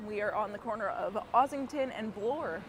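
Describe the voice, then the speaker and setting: A woman's voice: mid-range voice, moderate pace. A woman hosting a casual live stream as she walks a city street at night, chatting with viewers by name and laughing often. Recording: outdoor street noise with traffic. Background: traffic and street noise.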